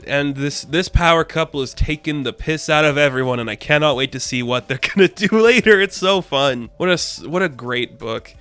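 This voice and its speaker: A man reviewing comics in a casual, excitable monologue, full of slang and loose exclamations. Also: on the high side, moderate pace, few pauses, clean tone, soft background music. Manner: excitable, slangy, peppers talk with "man" and "crazy".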